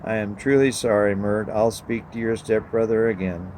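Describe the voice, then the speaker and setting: A man reading the lines of a middle-aged father, soft and reassuring, in a low voice. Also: steady tone, normal speed, a little hiss or hum, close to an everyday voice, rough recording.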